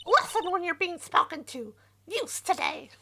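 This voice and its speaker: A woman's voice: extremely high pitch, lively intonation, normal speed, pushed and bright, voice pushed up, exaggerated voice. Woman doing Old Bag, a grumbling old security lady. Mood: scolding. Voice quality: croaky scolding old-lady voice. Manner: grumbling, lecturing about youths. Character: cranky nosy old female studio security guard.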